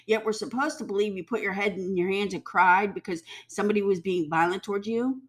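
A woman in a heated, profane rant. She speaks bluntly and mocks people with sarcastic mimicry. Her voice sits in a middle pitch. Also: a little fast, hardly any pauses. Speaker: commentator. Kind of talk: ranting commentary.

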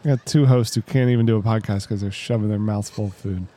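A man's voice: on the low side, fairly even intonation, fast talker, mellow. A middle-aged man hosting a podcast, chatting casually and teasing his guests. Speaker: host. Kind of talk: casual chat.

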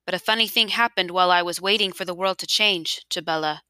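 A woman voicing an elderly grandfather, earnest and pleading about the past, then quietly resolute, in a storybook reading. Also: on the low side, fast, clear, resonant tone, no echo. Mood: calm. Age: over 60. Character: remorseful elderly grandfather, former official, now resolved.

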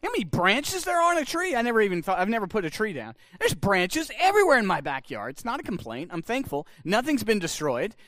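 A man's voice: high voice, wildly swooping pitch, fast talker, few pauses, fairly bright tone, no echo, clean studio sound. A man, preaching a sermon in a conversational storytelling way, acting out the dialogue he quotes. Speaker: pastor.

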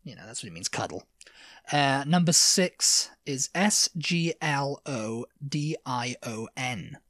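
Woman, low pitch, podcast co-host, playful, drawn-out words, dry room. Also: lively intonation, a bit bright, dry recording. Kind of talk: casual chat teaching words.

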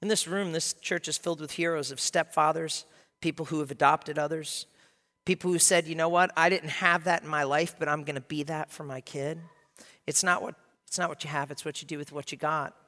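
A male pastor preaching a sermon, passionate and swinging from quiet to loud. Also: on the high side, fairly even intonation, fairly quick, big-room sound. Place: church sanctuary.

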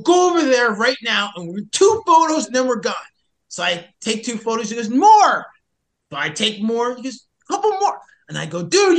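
A man's voice: fairly high pitch, gravelly. A man telling a story in a casual podcast chat, acting out both sides of the dialogue with sudden rises in voice. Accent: American. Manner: animated, acts out the dialogue in a raised voice, swears mildly. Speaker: podcast guest, hiker and rescuer.

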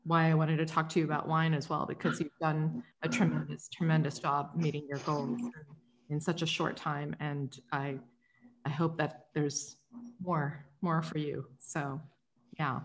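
A woman's voice: low voice, level tone, unhurried. A woman journalist hosting a podcast, friendly and conversational as she interviews a guest. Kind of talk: casual interview chat.

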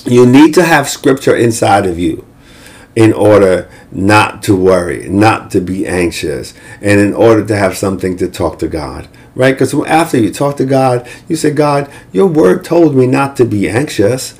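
A man's voice: fairly low pitch, expressive, normal speed, darkish tone. A male pastor preaching a conversational sermon, repeating key phrases and checking in with listeners with "right?" and "okay?". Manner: conversational preaching with emphatic repetition.

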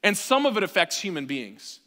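A man in his thirties, a pastor, preaching a sermon with animated delivery, dropping to quiet asides and rising almost to a shout. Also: high-pitched, normal speed, in a large hall. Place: church sanctuary.

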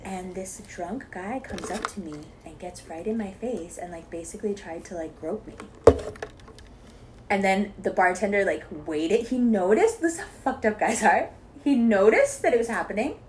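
A woman chatting casually, telling an animated story with quoted voices and frequent laughter. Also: medium pitch, normal speed, a little hiss or hum. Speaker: podcast co-host telling a story. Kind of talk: casual chat.

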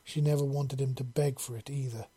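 A man narrating a storybook chapter in a calm, unhurried, even way. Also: medium pitch, slightly rough. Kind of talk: storybook reading.

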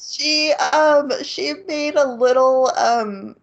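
A woman's voice: high voice, drawn-out words. A woman co-hosting a casual anime podcast, recapping the plot with giggles and frequent ums. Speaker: podcast co-host. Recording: slightly dull lo-fi recording.

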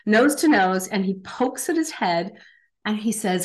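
Emphatic, energetic woman coach. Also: medium pitch, measured pace. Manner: energetic, emphatic, frequent "right?" tags; impassioned motivational delivery. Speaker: guest, performance coach. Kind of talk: casual podcast interview.

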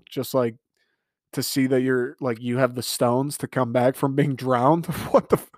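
A young man delivering an animated comedic rant monologue, exasperated and laughing at his own jokes. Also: mid-range voice, moderate pace, dry recording, clean studio sound.

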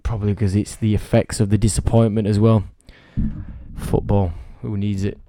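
A man's voice: fairly low pitch, flat delivery, moderate pace, mellow, no echo. A man with a cold hosting a casual solo podcast as a fitness coach, rambling and self-deprecating. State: has a cold, under the weather.

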